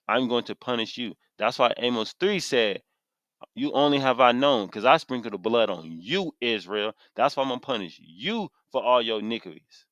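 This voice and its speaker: A man's voice: fairly low pitch, a bit bright, no echo. Fired-up preaching man, dry close sound. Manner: impassioned, preachy, reads verses aloud then repeats them with emphasis. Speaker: street preacher teaching scripture. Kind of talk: fiery scripture sermon to camera. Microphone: camera mic.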